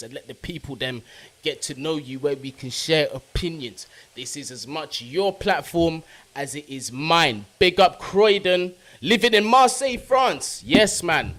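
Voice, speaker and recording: Man giving chat shout-outs. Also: medium pitch, moderate pace. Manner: casual slang-heavy, shouting out chat viewers. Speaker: football fan channel host. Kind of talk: live stream chat with viewers.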